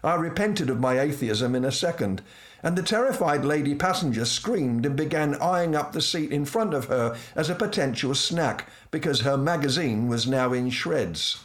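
A middle-aged man telling a humorous personal anecdote from a script, with dry, self-mocking wit and lively asides. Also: mid-range voice, normal speed.

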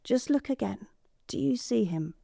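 A woman's voice: a little high, animated, moderate pace, vocal fry, mellow, dry recording, full character voice. Woman voicing a kind encouraging woman in a storybook tale, dry sound. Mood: gentle.

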